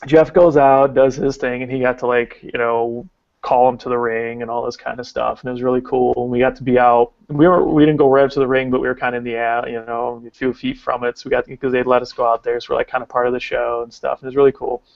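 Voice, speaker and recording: A man in his thirties, co-hosting a podcast, telling a long story in a casual, excitable, rambling way with lots of "like.". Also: medium pitch, fast talker, gravelly, no room sound, muffled recording. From Arkansas. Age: 30s. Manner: rambling, excitable, heavy use of "like". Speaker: podcast co-host.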